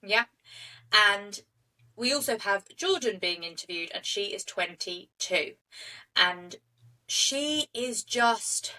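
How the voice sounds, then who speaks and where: A young woman hosting a podcast, retelling a true-crime case in an animated way and acting out the quotes. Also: medium pitch, measured pace, distant mic, rough recording. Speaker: podcast co-host.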